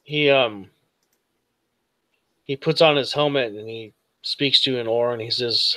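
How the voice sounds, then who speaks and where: A man narrating as game master of a tabletop role-playing game, hesitant with many pauses and fillers. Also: mid-range voice, pushed and bright, no room sound.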